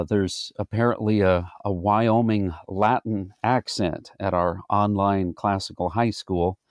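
Pastor guy explaining scripture, slow and careful, lowish voice. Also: darkish tone, no echo, clean studio sound. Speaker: pastor, guest teacher. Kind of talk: Bible study teaching.

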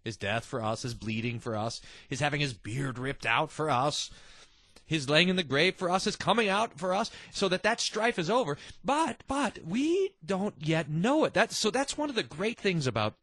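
A man's voice: fairly high pitch, animated, moderate pace, a bit bright, dry recording. A man hosting a devotional podcast, talking earnestly and animatedly, often restarting his sentences. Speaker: podcast host.

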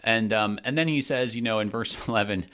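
A man co-hosting a Bible discussion, talking casually and acting out the people in the text with lively quoted voices. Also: lowish voice, a little fast. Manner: animated, acts out quotes, many restarts. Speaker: Bible study podcast co-host. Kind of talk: conversational Bible teaching.

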